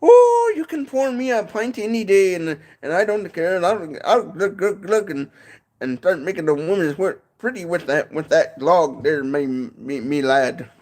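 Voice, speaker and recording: A man's voice: sits high, animated, moderate pace, darkish tone, pitched above the performer's own voice. A man voicing a boisterous Irish pub man from the old country, in a put-on Irish accent, jovially calling people "me lad". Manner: jovial, calls listeners "me lad".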